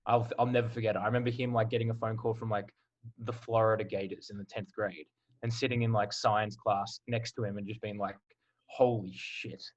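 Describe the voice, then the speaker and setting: Aussie guy in his 20s, easygoing interview chat, pretty monotone, says like a lot. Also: on the low side, fairly quick, dull audio. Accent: Australian. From Australia. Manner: relaxed, candid, filler-heavy. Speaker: guest, college football player. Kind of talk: casual podcast interview.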